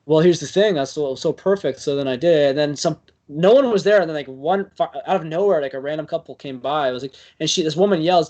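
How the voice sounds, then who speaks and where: Young guy on a podcast, kinda high voice, rambles lots of likes and uhs. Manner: rambling, filler-heavy, animated with quick bursts. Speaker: podcast guest. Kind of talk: casual storytelling chat.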